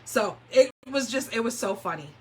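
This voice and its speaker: Speaking at a normal pace in an expressive, somewhat high and slightly rough voice, a woman from California demonstrates paper crafts on a home livestream. She keeps up casual chatter full of rambling tales and quick laughs.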